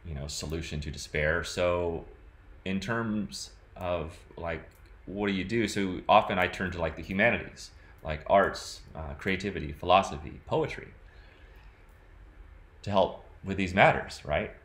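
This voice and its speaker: Deep-voiced man musing to camera. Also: a little slow, a bit bright. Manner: rambling, full of "like" and "you know". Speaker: vlogger. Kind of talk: casual reflective talk to camera.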